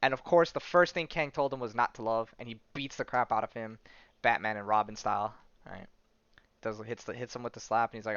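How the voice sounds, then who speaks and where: Chatty man hosting a podcast, smooth voice. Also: medium pitch, brisk, sharp tone, dry recording, muffled recording. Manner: loose and chatty, many fillers, tag questions and swearing. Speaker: podcast host. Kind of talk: casual podcast monologue retelling a comic story.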